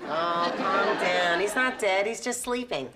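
A woman playing a brash, wisecracking nanny in a sitcom, talking fast with quips. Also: mid-range voice. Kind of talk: sitcom acting. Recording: sitcom audio with loud audience noise. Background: studio audience laughter.

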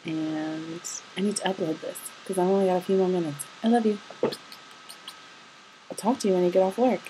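A woman's voice: on the low side, fairly even intonation, fairly quick, dark tone, a little hiss or hum, rough recording. Giggly young woman rambling to her partner. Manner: chatty, giggly, affectionate rambling. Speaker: vlogger. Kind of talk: video diary to a partner. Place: home, indoors at night.

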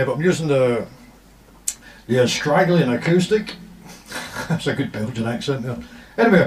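A man's voice: mid-range voice, a little hiss or hum. A man chatting jokily to camera before playing an acoustic guitar, rambling and self-mocking. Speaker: busker making home videos. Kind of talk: casual chat to camera, then singing with acoustic guitar. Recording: distant mic with loud guitar.

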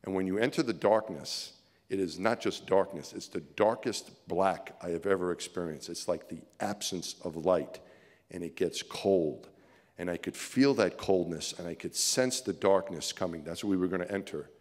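A middle-aged man telling a story to an audience as a keynote speaker, chuckling and swinging from hushed to excited. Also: low voice, normal speed. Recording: reverberant hall.

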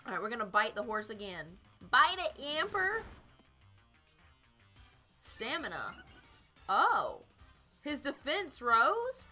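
A woman's voice: fairly high pitch, big pitch swings, slow, pauses often, pushed and bright, soft background music. Bubbly woman streaming a game. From South Carolina. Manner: bubbly, giggly, chatty with chat. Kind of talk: live gameplay commentary.

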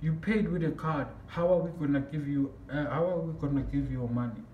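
A man's voice: on the high side, steady tone, fairly quick, darkish tone, lo-fi sound, slight background noise, natural voice. A man voicing an evasive male phone-shop seller who stalls with fillers, recorded in an echoey room. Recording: echoey room, mic at a distance.

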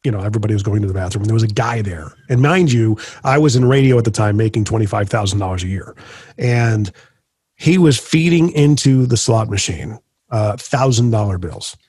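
A man co-hosting a podcast, chatting casually and telling stories in an animated way. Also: fairly low pitch, a little fast, slightly rough, no echo. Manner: animated storyteller, laughs easily. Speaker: podcast co-host. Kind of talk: casual interview chat.

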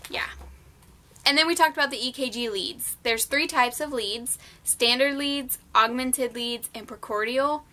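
A young nursing student vlogs a recap of her class in a casual, talkative style, her slightly high voice sounding pushed and bright. She says "um" a lot and explains things plainly.

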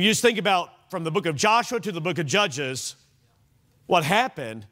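A male pastor preaching an evening sermon in a church, animated and conversational, asking the congregation questions. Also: high-pitched. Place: church sanctuary.

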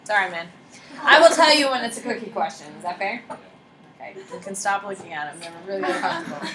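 A woman's voice: medium pitch, lively intonation, fast. A woman teacher giving a casual, joking classroom lecture and often saying "like". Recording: roomy classroom echo with faint noise.

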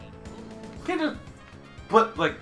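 A man teasing his friends and laughing easily while playing a video game. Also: slow pace. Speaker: let's play commentator. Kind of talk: casual gaming banter. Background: game music.

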